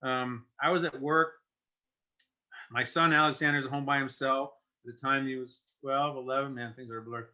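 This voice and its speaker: A middle-aged man, telling a personal story as a guest in earnest, halting conversation with restarts. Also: mid-range voice, steady tone, pushed and bright. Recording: muffled lo-fi sound.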